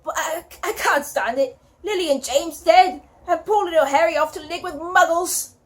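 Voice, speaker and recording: Big emotional male giant as a woman reads him, attempted British accent, choked-up, voice sits high. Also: animated, brisk. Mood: sobbing. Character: huge gruff tearful male giant groundskeeper. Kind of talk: audiobook reading.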